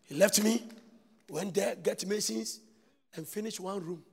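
A man with a Ghanaian English accent preaching a sermon as a prophet to his congregation. He swings from shouted declarations to hushed asides. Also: high-pitched, unhurried, gravelly, breathy edge. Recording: long hall reverb.

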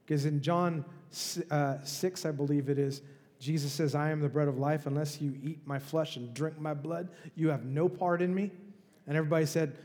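Pastor guy preaching, kinda high voice, talks to the crowd w questions, big echoey church sound. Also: fairly even intonation, normal speed, a little mellow. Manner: conversational, emphatic preaching with rhetorical questions. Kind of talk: sermon.

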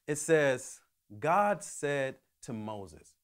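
Conversational male pastor, slightly high. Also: animated, measured pace. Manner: conversational, with many restarts and fillers. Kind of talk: sermon.

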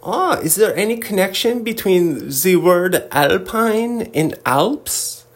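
A man's voice: sits high, expressive, slow pace, exaggerated voice. A man putting on the voice of a very proper Swiss man who speaks in a stiff, formal and pompous way. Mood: prim.

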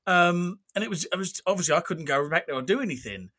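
A man hosting a casual chat, a booker who retells events with animated reactions. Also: high-pitched, fast. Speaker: wrestling show booker and podcast host.

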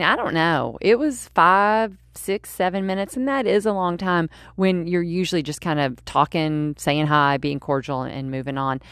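Low-voiced woman telling a chatty story. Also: dry recording, studio quality. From United States. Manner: chatty and animated, with fillers and restarts. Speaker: podcast host. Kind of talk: casual storytelling monologue.

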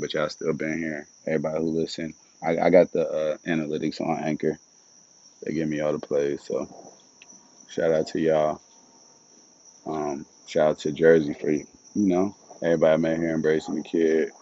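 Very deep, dark-voiced young man rambling. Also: lo-fi sound. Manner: loose, rambling and upbeat, with lots of slang and swearing. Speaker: solo podcast host. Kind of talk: casual solo podcast monologue.

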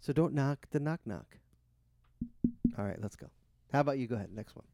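A man co-hosting a casual podcast, playful and teasing, quick to laugh at his own jokes. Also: mid-range voice, expressive, dark tone, dry recording, studio quality. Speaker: podcast co-host. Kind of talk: casual joking chat.

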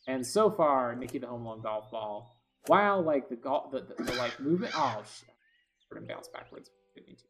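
A man's voice: mid-range voice, lively intonation, brisk, fairly bright tone, soft background music. A man giving casual gameplay commentary, rambling with lots of fillers and restarts, often frustrated. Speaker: gaming video host.

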